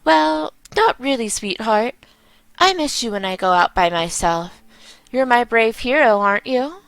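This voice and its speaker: A woman voicing a worried young mother who soothes her sick child in a gentle, tender way while reading game dialogue aloud. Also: fairly high pitch, lively intonation, measured pace, vocal fry, clean tone, no room sound, heavily acted.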